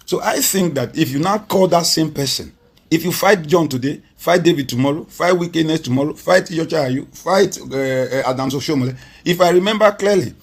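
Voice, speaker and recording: Slightly high and a little mellow, this Nigerian man's voice carries his TV interview commentary as a political guest, driving home emphatic points through repeated rhetoric.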